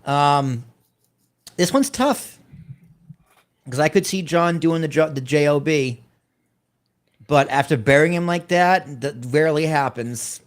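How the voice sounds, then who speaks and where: A man's voice: fairly high pitch, measured pace, pauses often. A man co-hosting a wrestling podcast, giving wry, opinionated takes in casual chat. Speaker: podcast co-host.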